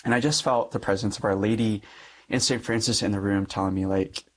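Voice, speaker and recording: A man's voice: fairly low pitch, fairly even intonation, brisk, fairly bright tone. A young adult man, a Catholic priest, giving a personal testimony in conversation, acting out the dialogue in his story with frequent light laughs.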